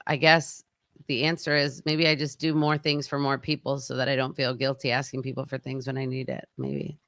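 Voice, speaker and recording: A woman's voice: very deep voice, level tone, fairly quick, a bit bright, dry recording, studio quality. A middle-aged woman co-hosting a podcast, talking in a reflective, hesitant way. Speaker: podcast co-host. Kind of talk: casual chat.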